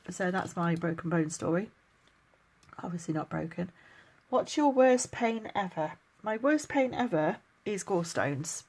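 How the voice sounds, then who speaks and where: A middle-aged woman from England, chatting casually through a question list, laughing often and getting emotional at times. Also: medium pitch. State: tired, chronically ill. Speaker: vlogger. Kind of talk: casual get-to-know-me Q&A.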